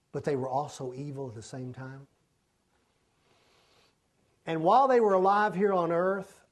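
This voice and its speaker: A man preaching a sermon, emphatic, repeating lines for effect. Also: a little high.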